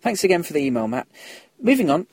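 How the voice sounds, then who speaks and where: A man's voice: fairly high pitch, sing-song, fast, a little mellow, husky, dry recording. A man hosting a casual podcast, chatting through listener emails and laughing at his own slips.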